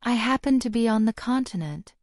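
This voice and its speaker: A woman's voice: fairly high pitch, lively intonation, a little fast, darkish tone, dry recording, lightly acted. A woman voicing a stiff, sardonic male wizard ambassador with an Australian accent, talking curtly and dryly in an audiobook reading. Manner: curt and dry.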